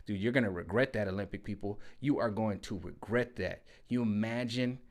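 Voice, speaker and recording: A man's voice: fairly low pitch, moderate pace. Slangy rambling man ranting at home. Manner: rambling, slangy, repeats "you know what I'm saying". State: sweating in the heat. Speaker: vlogger. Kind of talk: casual political rant. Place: hot room at home.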